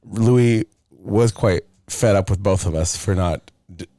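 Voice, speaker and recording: Teasing low-voiced man, dark tone. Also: slow, dry recording, clean studio sound. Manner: teasing, jokey interjections. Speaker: podcast co-host. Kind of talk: casual chat.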